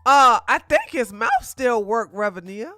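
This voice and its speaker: A woman streamer talks through a show review in a loose, casual way. Her voice is bright and forward, and the sound is close and dry. She is animated, breaks into laughs often and keeps restarting her sentences. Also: a little high, measured pace, dry recording, soft background music. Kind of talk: casual livestream commentary.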